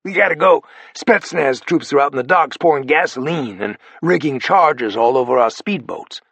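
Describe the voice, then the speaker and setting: Picture a gruff, urgent henchman, as a male narrator puts him on. He pushes to get moving, in a husky, raspy voice. The read is close and dry. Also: on the high side, animated, normal speed, a bit bright, no echo, exaggerated voice. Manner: urgent, pushing.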